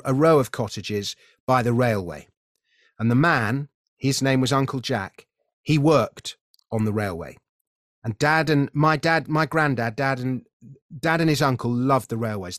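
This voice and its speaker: A man's voice: medium pitch, no room sound, clean studio sound. A middle-aged man from England, a podcast guest earnestly recounting a family story in conversational style, often correcting himself mid-sentence. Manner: earnest, vivid storyteller with frequent self-corrections. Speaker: podcast guest, creator of a stage show.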